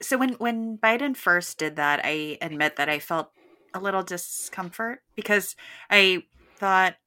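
A woman co-hosting a casual political chat with quick animated asides. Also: medium pitch. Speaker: podcast co-host.

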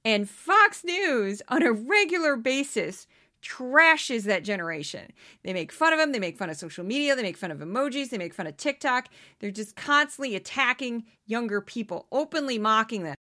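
Bright-voiced woman podcaster. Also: fairly high pitch, normal speed. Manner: animated, self-deprecating, laughs often. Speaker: podcast host. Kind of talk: commentary podcast.

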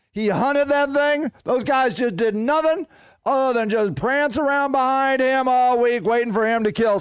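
Male podcast host, playful rambler, high and lively, smooth tone. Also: no room sound. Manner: animated, rambling, playful storytelling. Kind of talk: casual solo podcast chat.

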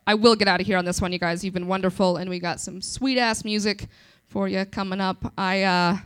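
A woman in her twenties doing a live stand-up set, self-deprecating and crude, with quick asides to the crowd. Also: medium pitch, steady tone, a bit bright, smooth. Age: 20s. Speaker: stand-up comedian.

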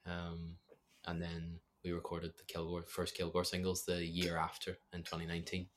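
Young man, Northern Irish accent, low voice, level tone, casual rambling interview chat. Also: completely flat delivery, moderate pace. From Northern Ireland. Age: young adult. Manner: rambling, self-deprecating, many fillers. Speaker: musician guest.

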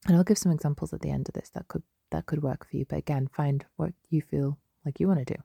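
A young woman hosting a solo podcast, chatty and gentle, with many fillers and restarts. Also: low-pitched, steady tone, quick pace, creaky, slightly rough, no echo, studio quality. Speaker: podcast host. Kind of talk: casual solo podcast talk.

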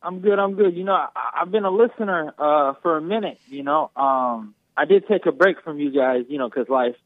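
A man's voice: a little high, fairly quick, no echo. A man calling in to a talk show, laid-back and repeating himself, over a phone line. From Detroit area. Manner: laid-back, repeats "you know what I'm saying". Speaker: caller.

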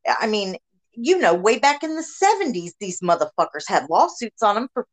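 A woman hosts a podcast, chatting casually about politics in a blunt way, swearing heavily and launching into animated rants. Her voice is mid-range at a normal speed, and the audio is poor.

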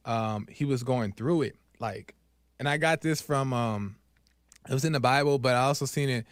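On his own podcast, a man rambles casually through a spiritual reflection, peppering it with "um" and "right?" and sometimes dropping soft and low as he retells scenes. The recording is dry and clean, with studio sound.

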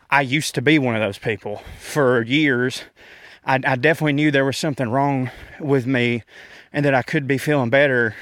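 A man's voice: mid-range voice, a bit bright, no echo, clean studio sound. A man, rambling through a casual, self-deprecating rant with frequent laughs while walking outdoors in a park, slightly out of breath. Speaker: comedian podcast host.

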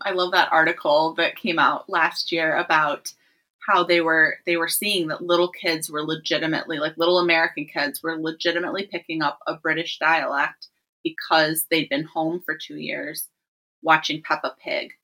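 A woman's voice: low voice, steady tone, moderate pace, pushed and bright. A woman podcast host talking in a chatty, enthusiastic way, laughing often. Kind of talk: casual interview talk.

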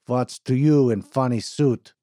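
A man's voice: on the low side, a little slow, dark tone, no echo, studio quality, lightly acted. A man doing a hostile mill worker. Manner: brusque, broken English.

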